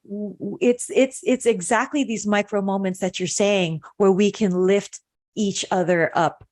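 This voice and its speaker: A woman hosts a podcast in a casual conversational style, speaking earnestly and reflectively and repeating phrases for emphasis. Her mid-range voice is steady, a little slow and somewhat dark.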